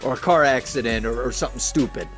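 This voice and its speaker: A man's voice: medium pitch, fast, fairly bright tone, soft background music. A man co-hosting a casual sports podcast, bantering loosely and jokingly with plenty of fillers. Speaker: podcast co-host.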